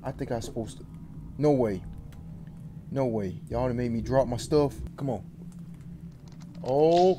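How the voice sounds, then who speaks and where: A man streaming a horror game, jittery, talking back to it and insisting he is not scared, swinging between loud outbursts and low muttering. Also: unhurried, pauses often, music in the background. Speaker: gaming streamer.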